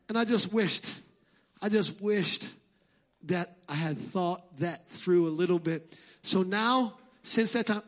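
A middle-aged man preaching a sermon as pastor, animated and joking, shouting at times. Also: high voice.

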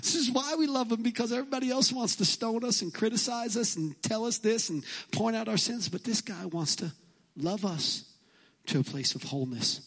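A man voicing grateful, tearful male outcasts who speak in a hushed, tender way. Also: sits high, moderate pace, slightly rough, heavily acted. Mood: moved.

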